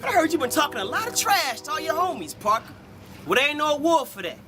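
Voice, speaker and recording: A man's voice: very high voice, sing-song, quick pace, music in the background. A man performing Christian battle rap live before an audience, with a rhythmic, preachy, punchline-driven delivery. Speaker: battle rapper.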